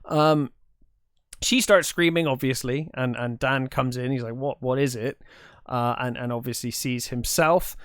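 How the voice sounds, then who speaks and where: A man's voice: mid-range voice, fairly even intonation, measured pace, a bit bright, smooth, no echo, clean studio sound. A man co-hosting a film podcast, retelling the plot in casual chat with lots of ums and restarts. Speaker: podcast co-host.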